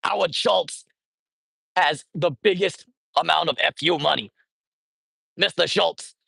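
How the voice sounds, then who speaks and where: A man doing an impression of an older male senator, lecturing in a gruff, emphatic tone. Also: a little high, unhurried, bright, forceful tone, no echo, pitched below the performer's own voice, heavily acted. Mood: indignant.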